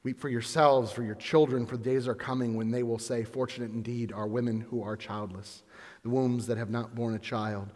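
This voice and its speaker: A man voicing a sorrowful grown man who speaks in a soft, low, solemn way. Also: husky, long reverb tail, close to an everyday voice.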